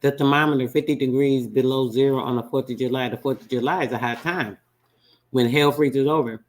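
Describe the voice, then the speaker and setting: An excitable man hosts his own show, pausing a recording to react. He thinks aloud with frequent restarts and asides, in an average-pitched, everyday voice. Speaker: radio show host. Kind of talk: casual reaction commentary.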